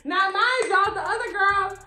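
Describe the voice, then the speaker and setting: A woman's voice: very high-pitched, measured pace, soft background music. A young woman from Louisiana, telling a story in a casual vlog and acting out the voices in it. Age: young adult. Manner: animated, acts out the voices in her story. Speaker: vlogger. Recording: roomy echo, faint background beats.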